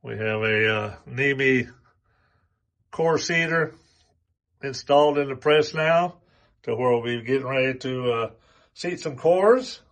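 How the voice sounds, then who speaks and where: A man hosting a product demonstration, talking plainly and slowly with many pauses and fillers. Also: mid-range voice, fairly bright tone. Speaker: host.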